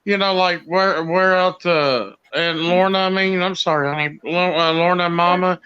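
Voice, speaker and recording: A man with a high, bright, clear voice chats casually on a live stream. He talks haltingly, full of fillers and restarts. The sound is dull and lo-fi. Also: fairly even intonation. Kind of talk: casual chat.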